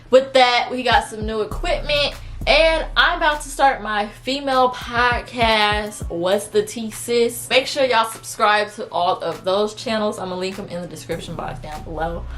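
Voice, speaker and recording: A woman in her twenties telling a dramatic storytime to her channel, acting out what people said in a casual, lively way. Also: mid-range voice, normal speed. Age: 20s. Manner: animated, dramatic retelling with quoted voices. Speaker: vlogger.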